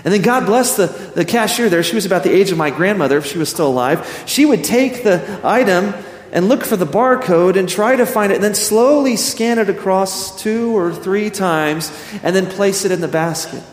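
Pastor sermon, a man with a fairly high voice, storytelling, echoing church hall. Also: normal speed. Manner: storytelling, animated quoting of himself. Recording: echoey hall.

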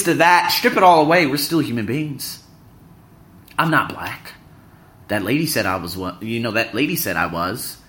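A man's voice: medium pitch, bright, forceful tone. A young adult man hosting a podcast, giving an emphatic, preachy motivational talk to a live audience and repeating phrases for effect. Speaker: podcast host.

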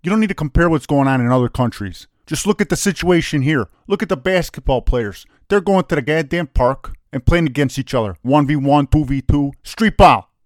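A man's voice: on the high side, lively intonation, fairly quick, few pauses, a little mellow, no echo, clean studio sound. A man with a brash, profane, opinionated way of talking, casually co-hosting a soccer chat. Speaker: soccer podcast co-host.

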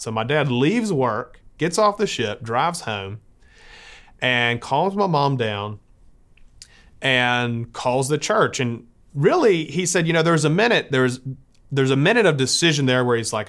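A man's voice: medium pitch, measured pace. A man from the United States telling a personal faith story in a conversational way. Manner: conversational, lively when quoting others.

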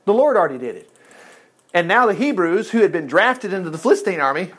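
A man reading a Bible story aloud and breaking off into animated, chatty asides and commentary. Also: high voice, fast, breathy edge. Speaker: Bible teacher.

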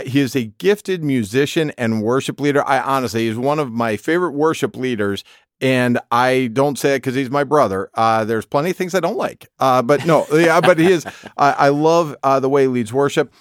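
A man's voice: mid-range voice, expressive, normal speed, no echo, clean studio sound. A middle-aged man co-hosting a podcast, friendly and laughing easily. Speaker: podcast co-host. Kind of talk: casual chat.

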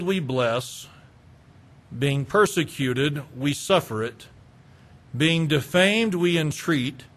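A male preacher delivering an expository sermon, slow and emphatic, stacking repeated phrases. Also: on the high side, a bit bright.

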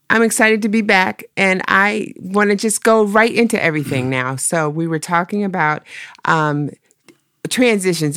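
A woman's voice: lowish voice, a bit bright, smooth, no room sound, clean studio sound. A woman from Long Island with a Long Island accent, co-hosting a podcast and asking direct, eager questions. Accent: Long Island New York. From Long Island, New York. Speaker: podcast co-host. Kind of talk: casual podcast chat.

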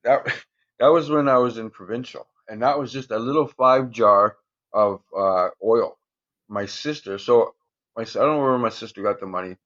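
A man's voice: medium pitch, moderate pace, fairly bright tone, dull audio. A man casually telling profane, rambling stories in a podcast interview, chuckling often. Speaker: guest, former prisoner.

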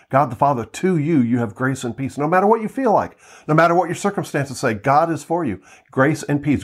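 A man giving an earnest Bible teaching, slowing down to read verses and often repeating words as he talks. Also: medium pitch. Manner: earnest, reads scripture slowly, repeats words. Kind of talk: teaching sermon. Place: at home, seated with Bible on lap.

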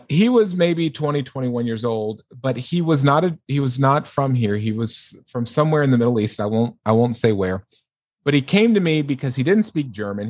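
A man, a sex therapist, talking casually and explaining things in a measured way, often restarting his sentences. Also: medium pitch, darkish tone, dry recording, clean studio sound. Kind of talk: casual podcast conversation.

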